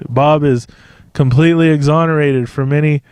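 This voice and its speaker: A man's voice: on the high side, fairly even intonation, normal speed, a little mellow, smooth, dry recording, lightly acted. A man voicing an astonished male judge in a comic aside. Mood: amazed. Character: astonished male judge, solemn then giddy.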